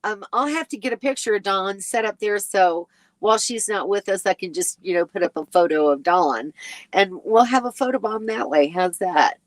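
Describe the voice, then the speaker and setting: A woman's voice: medium pitch, moderate pace, dry recording. A woman hosting a casual live stream, reading viewer comments aloud and chatting in a rambling way with frequent ums and little laughs, sleepy and yawning. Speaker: RV travel vlogger hosting a live chat.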